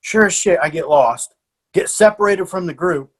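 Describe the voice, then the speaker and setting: With a high voice and a moderate pace, a middle-aged jiu-jitsu coach from the United States tells stories on a podcast. His casual, animated delivery is full of swearing, laughter, and restarts.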